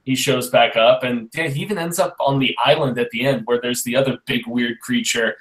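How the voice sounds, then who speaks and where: A man's voice: medium pitch, brisk, a bit bright, reverberant. A man co-hosting a casual group video call, rambling with lots of fillers. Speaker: co-host.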